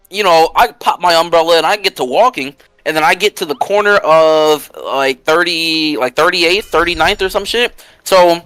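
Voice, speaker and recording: A man tells a story in casual chat, animated and swearing freely, full of slang. His voice is high and bright. The sound is close and dry, with no room around it. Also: no echo. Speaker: storyteller on a podcast.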